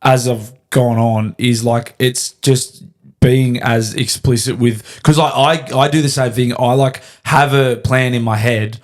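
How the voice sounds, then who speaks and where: A man's voice: mid-range voice, fairly even intonation, measured pace. A young Australian man, a podcast co-host, talking casually and giving easygoing, matey advice. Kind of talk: casual chat.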